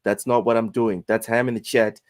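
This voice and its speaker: A man in casual gaming podcast chat, with a somewhat low voice. He jokes around and stammers a little as he talks. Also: little pitch movement, fairly quick. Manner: stammering, jokey. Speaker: podcast co-host.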